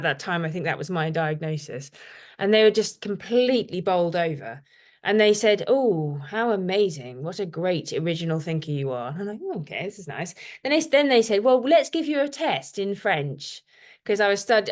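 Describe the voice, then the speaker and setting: British woman, middle-aged, lowish voice, frank testimony full of "um"s. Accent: British English. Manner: frank, self-deprecating, many "um" pauses. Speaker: guest speaker sharing lived experience. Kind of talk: personal testimony to a support group.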